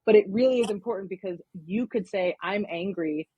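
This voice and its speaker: A woman's voice: medium pitch, fast, mellow, husky, dry recording, muffled recording. A woman, a counseling intern, talking in a casual podcast interview, explaining at length with many verbal fillers.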